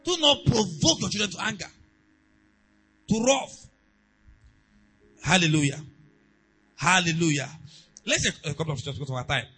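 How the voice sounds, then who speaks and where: A pastor preaching a sermon, moving between quiet asides and loud, emphatic exhortation. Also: male voice, sits high, expressive, normal speed, pauses often, slightly rough, faint music behind, poor audio.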